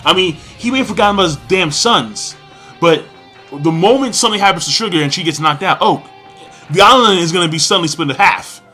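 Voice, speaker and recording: A young man rants through a comic review, swearing freely and bursting into shouts as he rambles. His slightly high voice swings widely in pitch and has a sharp, bright edge. Faint music plays underneath. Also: brisk. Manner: excitable, profane, rambling, with frequent shouted outbursts. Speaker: manga reviewer. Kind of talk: ranting commentary.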